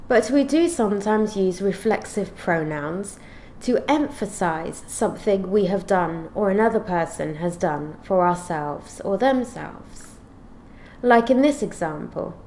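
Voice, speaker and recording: In this English grammar lesson, a woman with a medium-pitched, slightly mellow voice gives clear explanations and reads example sentences at a measured pace. A little hiss or hum can be heard.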